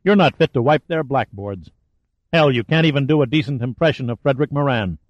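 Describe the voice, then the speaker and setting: A man's voice: medium pitch, animated, a little fast, no room sound, lo-fi sound, close to an everyday voice. A man voicing a defiant adventurer who taunts and mocks his captor with sarcasm. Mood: taunting.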